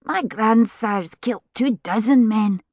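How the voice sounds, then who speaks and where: A woman's voice: a little high, takes it slowly, a little mellow, dry recording, clean studio sound, voice pushed up. A woman voicing a small, curious, cheeky boy who talks matter-of-factly. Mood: proud. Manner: matter-of-fact, chirpy.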